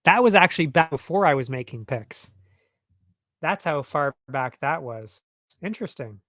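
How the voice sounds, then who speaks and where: A man's voice: a little high, expressive, moderate pace, a bit bright, no room sound, studio quality. A man hosting a betting show in a casual, rambling way, correcting himself and laughing at his own jokes, with slangy talk. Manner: loose slangy delivery. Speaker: betting tipster host.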